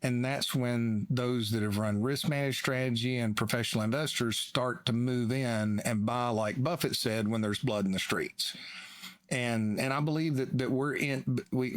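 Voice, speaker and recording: A man with a Southern US accent talks through market psychology in a thoughtful, folksy way, now and then dropping an old saying. His voice sits at an ordinary middle pitch. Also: moderate pace. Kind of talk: conversational market discussion.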